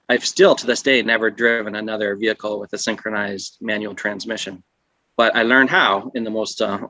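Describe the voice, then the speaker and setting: Man, bright clear voice, dry close sound, lively storyteller. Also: on the low side, dry recording, low-quality recording. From Canada. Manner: animated anecdotes with laughs. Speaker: trucking magazine editor, guest. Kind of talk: casual storytelling.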